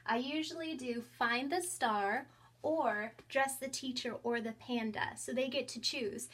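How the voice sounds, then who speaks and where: A bright, slightly high voice from a young woman touring her tiny home classroom for online teaching. She chats cheerfully and breaks into squealing, playful reactions as she demos her tricks. She talks into a headset mic. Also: a little slow. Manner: cheerful and chatty, bursts into squealing acted-out reactions. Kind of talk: casual classroom tour vlog. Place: small home classroom in a closet.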